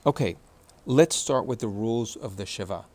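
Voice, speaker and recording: A man teaching how to read and stress words, explaining patiently, repeating words slowly, and clearing his throat often after a recent illness. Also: on the low side, a little mellow. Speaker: Hebrew reading teacher. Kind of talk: explanatory lesson, screen-sharing.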